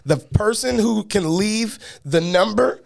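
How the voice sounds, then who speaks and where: A man hosting a podcast in a relaxed, conversational way, laughing easily. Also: high voice, slow pace, vocal fry. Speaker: podcast host. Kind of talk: casual chat.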